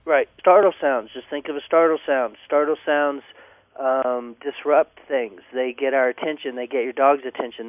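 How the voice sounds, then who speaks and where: A man's voice: medium pitch, dry recording. A man giving dog training advice in a confident, instructive way, speaking over the phone. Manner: confident, instructive, repeats catchphrases. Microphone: telephone. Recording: tinny phone line, dry.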